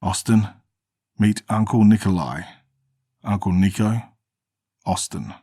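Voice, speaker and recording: Guy doing a smug young traitor, cold and low, dry close sound, horror storybook. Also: takes it slowly, warm tone, slightly rough, no room sound, heavily acted. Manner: smug, matter-of-fact.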